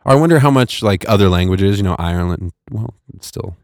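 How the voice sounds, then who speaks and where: Deep-voiced rambling podcast guy. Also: animated, brisk, a little mellow, no room sound, clean studio sound. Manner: rambling, self-deprecating, laughs a lot. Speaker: podcast co-host. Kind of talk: casual chat. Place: podcast studio.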